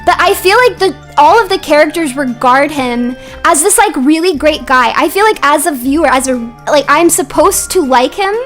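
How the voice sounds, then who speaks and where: A young woman streaming, ranting heatedly about characters in a casual way and sometimes rising to shouts. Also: high voice, lively intonation, normal speed, hardly any pauses, soft background music. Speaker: vtuber streamer.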